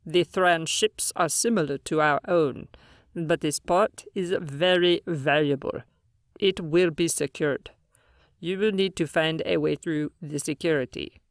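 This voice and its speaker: A woman voicing a tall, solemn female alien leader who speaks slowly and formally in an audiobook. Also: sits low, no room sound, clean studio sound. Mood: grave. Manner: slow, grave and formal. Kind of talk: audiobook character voice.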